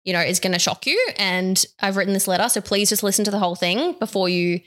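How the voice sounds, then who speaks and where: A woman's voice: medium pitch, fairly even intonation, fast talker, fairly bright tone. A young woman chatting as a podcast host, speaking openly and from the heart and laughing often. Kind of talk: casual podcast chat.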